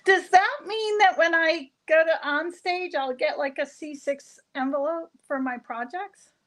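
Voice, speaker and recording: A woman's voice: very high voice, unhurried, a bit bright. An American woman from Florida, a guest in a live craft class, chatting in a rambling way and laughing easily. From Florida, USA.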